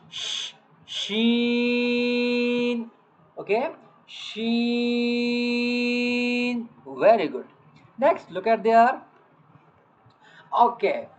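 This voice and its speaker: A Quran reading teacher takes a child through a slow, letter-by-letter lesson, repeating each sound many times and saying "okay, beta" as he gently checks in. His voice is mid-range and his manner very patient. The audio is dull and lo-fi.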